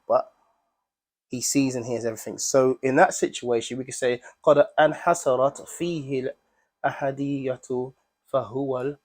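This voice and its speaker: A man's voice: medium pitch, pushed and bright. Male teacher, mid-range voice, explains Arabic words to a class, checks for understanding often.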